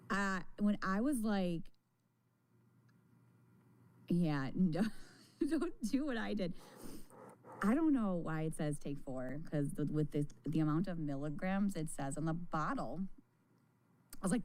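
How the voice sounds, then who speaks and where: A woman's voice: lowish voice, lively intonation, slow, long pauses, a little mellow. A tired woman chatting casually with her live-stream viewers from home, rambling, laughing and swearing as she goes.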